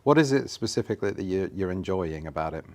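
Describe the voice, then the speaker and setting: A man hosting a live studio interview, short of breath and a little apologetic. He talks in a lively, bouncing tone that swings up and down a lot, chatty and friendly with his guest. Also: low-pitched, quick pace. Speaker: host.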